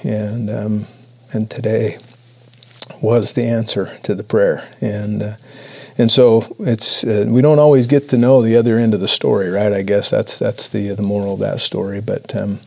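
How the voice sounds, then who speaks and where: Man from Idaho, low gravelly voice, earnest, halting, sharing testimony with a congregation. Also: little pitch movement, a little mellow. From Idaho, USA. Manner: earnest, halting, many restarts. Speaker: church speaker. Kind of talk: personal testimony talk.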